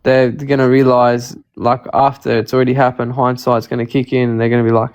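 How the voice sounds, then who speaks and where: A man talking as a guest in a casual chat, relaxed and loose, linking thoughts with "like". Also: medium pitch, a little fast, smooth.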